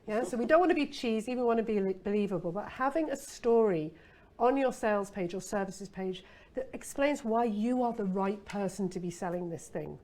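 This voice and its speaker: A middle-aged woman talks through a copywriting masterclass in a chatty, playful way, often checking in with rhetorical asides. Her pitch sits in the middle range for a woman. She sounds relaxed, recorded indoors. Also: fairly quick. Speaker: copywriting expert giving a masterclass. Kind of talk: casual spoken masterclass.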